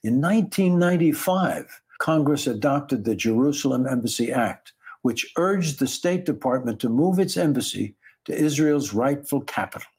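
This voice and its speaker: Male news narrator: husky tone, steady scripted read. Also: mid-range voice, moderate pace. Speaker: news show host.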